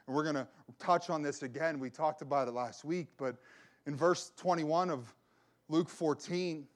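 A man preaching a sermon as a pastor, telling a personal story and repeating phrases for emphasis. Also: on the high side.

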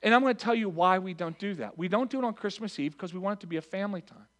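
A man's voice: high voice, racing, fairly bright tone. Earnest man giving church announcements. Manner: earnest and conversational, addressing the crowd directly. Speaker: pastor.

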